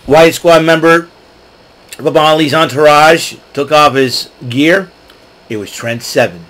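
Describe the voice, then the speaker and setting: Chatty, excitable man recapping. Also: on the high side, takes it slowly, rough recording. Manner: chatty, excitable, clears throat often. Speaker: podcast host. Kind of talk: casual solo recap.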